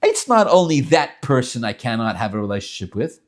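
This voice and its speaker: A man teaching a religious text class in an animated, emphatic lecture style, often restarting and repeating words as he builds his points. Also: mid-range voice, normal speed, pauses often. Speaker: Torah teacher.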